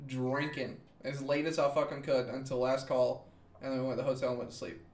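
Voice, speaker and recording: A man's voice: medium pitch, little pitch movement, fairly quick, darkish tone, slight background noise. A man hosting a podcast, casually telling a long story, rambling and swearing, with "okay?" and "dude" thrown in. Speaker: podcast host.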